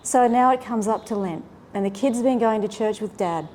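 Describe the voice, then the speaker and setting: A woman earnestly retelling a faith story and reflecting on its meaning, with an animated, heartfelt delivery. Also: a little high, a little fast, a little hiss or hum. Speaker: faith speaker.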